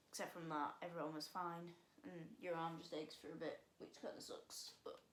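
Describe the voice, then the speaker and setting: Teen girl vlogger, rambling chatty delivery, slightly low voice, echoey room. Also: a bit bright, slight background noise. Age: teens. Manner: rambling, chatty, full of fillers and sighs. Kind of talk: casual storytelling vlog. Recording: roomy echo.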